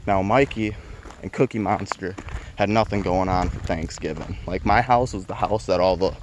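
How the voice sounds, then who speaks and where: A man with a somewhat low voice tells a story in a loose, rambling way and swears in nearly every sentence. His delivery is laid-back and conversational. A clear layer of noise runs under the recording. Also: moderate pace. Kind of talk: casual storytelling. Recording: noisy recording.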